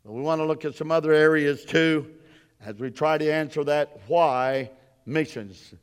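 Male preacher, high and clear, slow sermon delivery with fillers, echoing church hall. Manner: slow, halting delivery with many fillers, rising to shouted questions. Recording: long reverb in a large hall.

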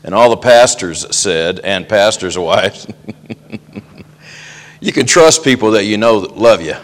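A man's voice: lowish voice, lively intonation, slow pace. A male pastor preaching a sermon in a folksy way, full of joking asides.

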